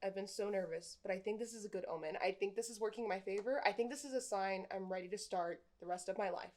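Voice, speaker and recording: A giggly, eager woman player jumps into a tabletop game, asking questions and answering in character. Her voice sits at an ordinary middle pitch. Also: fast talker, a little mellow.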